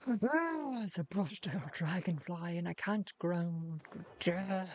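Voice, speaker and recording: Woman streamer, put-on Irish accent with an American edge, casual and profane, talking to chat and her cat at home. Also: on the low side. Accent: put-on Irish, Dublin-ish with a hint of American. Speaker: game streamer. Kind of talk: casual gameplay chat with viewers.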